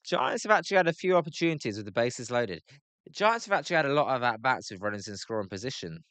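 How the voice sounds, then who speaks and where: A man's voice: medium pitch, very animated, fast, a bit bright, no room sound. British man grumbling through play-by-play. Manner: chatty, answers chat by name, grumbling. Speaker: live-stream host. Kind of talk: casual live play-by-play reaction.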